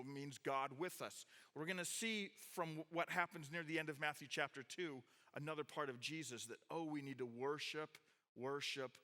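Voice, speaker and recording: A man leading a sermon with a high, bright voice. He reads scripture, breaks off to explain, and asks his listeners questions, restarting his sentences as he goes. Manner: animated, with restarts, questions to the audience. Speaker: pastor teaching a youth group. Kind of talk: sermon with Bible reading.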